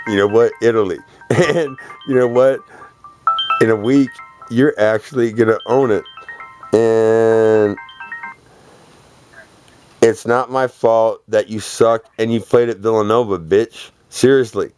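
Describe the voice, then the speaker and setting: A man's voice: lowish voice, steady tone, slow pace, over music. A man delivering a rambling, profane, boastful monologue, laughing between phrases.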